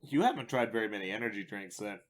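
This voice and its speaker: A man's voice: on the low side, fast talker. A man co-hosting a podcast, chatting casually in a wry, teasing way. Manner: wry, teasing, lively delivery. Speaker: podcast co-host. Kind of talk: casual comedic chat.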